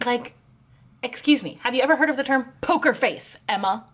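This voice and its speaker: A woman's voice: on the high side, moderate pace. A woman giving casual reaction commentary on an anime episode, ranting in an exasperated, sarcastic way.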